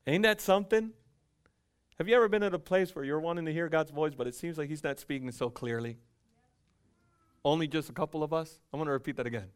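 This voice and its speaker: A male pastor preaching from a church pulpit, with a voice pitched somewhat high for a man. He swings between loud, emphatic lines and hushed ones, and acts out conversations in between. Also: quick pace, clean tone. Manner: acts out dialogue with God and Paul. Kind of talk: sermon.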